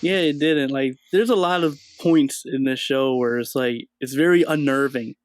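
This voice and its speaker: A man's voice: mid-range voice, normal speed. A man hosting a casual chat about a streaming show, talking in an easygoing way and thinking aloud with plenty of fillers. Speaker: channel host. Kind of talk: casual pop-culture chat.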